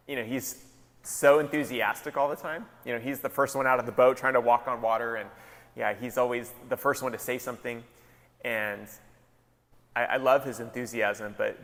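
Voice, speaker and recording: A man, a pastor, giving a casual, joking sermon with lively retellings. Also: mid-range voice, in a large hall. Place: large hall.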